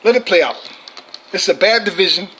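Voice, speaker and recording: A man's voice: high-pitched, fast talker, fairly bright tone, slight background noise. A man hosting a fan channel, ranting about his team with heavy profanity, frequent repeats and laughter.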